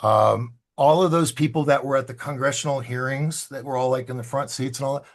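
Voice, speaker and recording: A man's voice: mid-range voice, fairly quick. A man, a filmmaker guest, telling stories in a casual interview and acting out the voices of the people he quotes. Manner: animated, acts out quoted dialogue.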